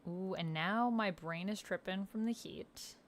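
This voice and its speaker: A woman streamer chatting casually with her viewers. She rambles, reads chat aloud, laughs often and jumps high in pitch when she is surprised. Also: a little slow. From Canada.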